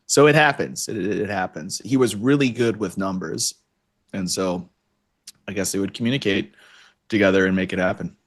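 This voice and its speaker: A man with a Chicago accent chats and jokes loosely while he watches futures charts on a live stream. His voice sits low and deep, and his talk stays relaxed. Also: moderate pace. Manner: joking, easygoing banter while trading. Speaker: co-host, futures trader. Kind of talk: casual live-stream chat.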